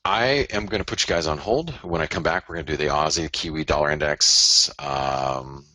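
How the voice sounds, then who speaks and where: A man with a very low voice talks through live market charts, chatty and loose, and he keeps addressing his viewers. His tone is forceful and bright. The recording is dry and close, with no room sound. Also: normal speed, dry recording. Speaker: forex webinar host. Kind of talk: casual live market analysis.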